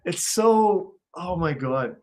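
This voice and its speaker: A man's voice: high voice, lively intonation, slow pace, dark tone. A man hosting a casual online show, with sarcastic, exasperated asides. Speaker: host.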